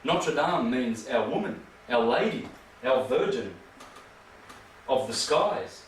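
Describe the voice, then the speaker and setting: Man, emphatic rambling lecturer, slightly high voice, distant echoey room recording. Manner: emphatic, rambling, rhetorical questions. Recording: echoey room from far off, faint noise.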